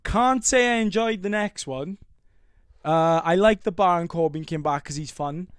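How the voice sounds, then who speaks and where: A young man co-hosting a podcast, talking in an animated, sweary, bantering way. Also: high-pitched, moderate pace, smooth, no echo, studio quality. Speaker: podcast co-host. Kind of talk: casual chat.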